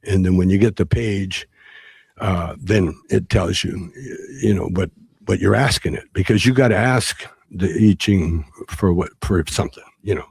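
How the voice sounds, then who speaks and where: A man with a deep, rough-edged voice tells a long story as a guest in a conversation. He talks haltingly, circling back and restarting his sentences. His voice sounds dry and close. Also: darkish tone, dry recording. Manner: halting, with many restarts and fillers. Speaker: interview guest. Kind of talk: rambling storytelling.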